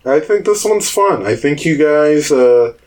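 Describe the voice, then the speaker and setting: A man's voice: on the high side, animated, unhurried, darkish tone. A man hosting a podcast, chatting loosely and rambling about tabletop games. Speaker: podcast host.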